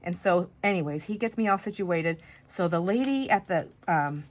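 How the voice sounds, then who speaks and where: A woman's voice: lowish voice, lively intonation, normal speed. A woman chatting casually while decorating pages, telling a rambling story with asides about her crafting. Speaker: craft vlogger.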